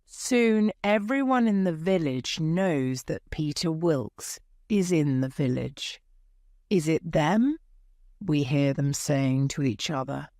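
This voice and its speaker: Slow, low-voiced woman narrating. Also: darkish tone, no echo, studio quality. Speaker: audiobook narrator. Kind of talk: scripted narration of a graded reader.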